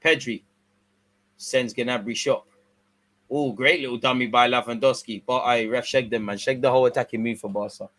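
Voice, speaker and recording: A young man giving casual, slangy live football commentary, swinging between excited outbursts and low mutters. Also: normal speed. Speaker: watch-along streamer.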